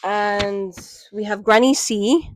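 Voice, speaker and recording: A woman's voice: medium pitch, fairly even intonation, slow, a little hiss or hum, poor audio. A British woman chatting casually through a book review, with plenty of fillers and asides. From Britain.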